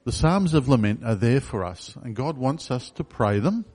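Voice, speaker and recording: A man's voice: mid-range voice, lively intonation, moderate pace, a little mellow. Conversational male preacher. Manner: conversational, asks the congregation questions. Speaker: pastor. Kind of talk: sermon.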